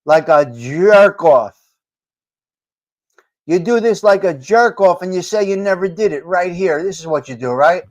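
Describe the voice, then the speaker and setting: A man's voice: high-pitched, brisk, few pauses, dull audio. A man with a New York accent hosting a live talk show, rambling and repeating himself with some swearing. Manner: rambling and repetitive, profane. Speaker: host.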